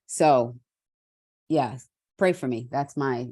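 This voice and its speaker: A middle-aged woman from Trinidad hosting a motivational talk, speaking candidly and reflectively with restarts and soft laughs. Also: very deep voice, a little slow, dry recording, studio quality. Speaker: host.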